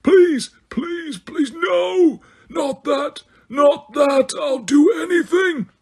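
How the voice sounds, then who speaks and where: A man's voice: very high-pitched, normal speed, vocal fry, sharp tone, voice pushed up, full character voice. A man voicing an elderly male wizard headmaster who sobs and pleads in an audiobook reading. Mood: anguished pleading. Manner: wailing, sobbing cries.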